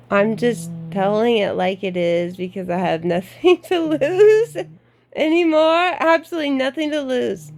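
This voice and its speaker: A woman's voice: medium pitch, gravelly. A middle-aged woman giving blunt career advice in a vlog, outspoken and frank, with laughing asides. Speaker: golf club membership adviser.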